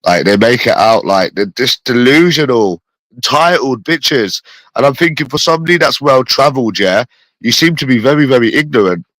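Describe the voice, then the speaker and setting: A man's voice: medium pitch, expressive, moderate pace, a bit bright, dry recording, poor audio. A man with a phlegmy cough, ranting in a repetitive, rambling, profane casual monologue. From London.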